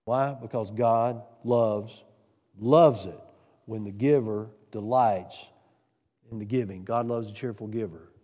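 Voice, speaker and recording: A man preaching a sermon on giving, earnest, piling up rhetorical questions and swinging from loud to soft. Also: fairly low pitch, takes it slowly, in a large hall. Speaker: pastor.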